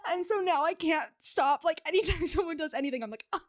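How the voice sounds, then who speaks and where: A woman's voice: very high-pitched, quick pace, noisy background. A woman co-hosting a casual chat show, telling stories in a rambling, giggly way with lots of fillers. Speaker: podcast co-host.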